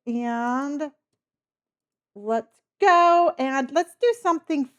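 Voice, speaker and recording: A woman's voice: fairly high pitch, unhurried. Chatty, rambling woman streamer. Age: middle-aged. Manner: chatty, rambling, laughs often, reads chat. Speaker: livestreamer. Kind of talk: casual chat while gaming.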